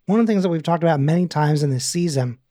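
A man's voice: a little high, very fast, mellow. A man co-hosting a podcast, chatting casually about a TV episode, rambling with lots of fillers. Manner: rambling, many fillers, acts out quotes. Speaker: podcast co-host. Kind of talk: casual chat recapping a TV episode.

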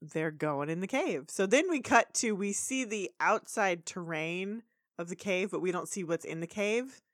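A woman co-hosting a casual podcast, narrating a cartoon plot in a chatty way, with excited bursts. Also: fairly low pitch, normal speed, no echo, studio quality. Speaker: podcast co-host. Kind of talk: casual chat recapping a cartoon episode.

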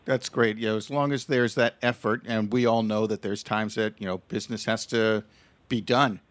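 A man's voice: lowish voice, fairly even intonation, normal speed. A man hosting an interview, asking questions and giving his own opinion in a friendly, joking way. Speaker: interview host. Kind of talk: casual interview chat.

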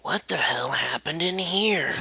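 Gravelly, bright male player. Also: a little high, expressive, unhurried, no room sound, low-quality recording. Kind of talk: tabletop role-play.

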